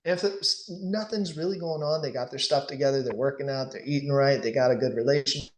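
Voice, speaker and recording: Animated male sales coach. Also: mid-range voice, fairly quick. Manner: animated, acts out sales dialogues. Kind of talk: casual coaching session.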